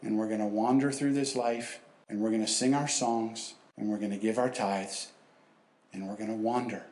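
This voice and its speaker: A man's voice: on the low side, fairly even intonation, normal speed, a little mellow. A man preaching a sermon to a church congregation, quoting scripture in acted voices. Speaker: guest preacher. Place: church sanctuary. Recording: echoey church hall.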